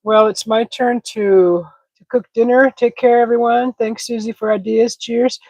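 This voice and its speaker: A woman's voice: on the high side, fairly even intonation, unhurried, mellow, no echo, low-quality recording. A woman hosting a casual live cooking stream, sniffling from a stuffy head cold and chatting with viewers as she cooks. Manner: chatty, reads viewer comments aloud while cooking. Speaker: cooking livestream host.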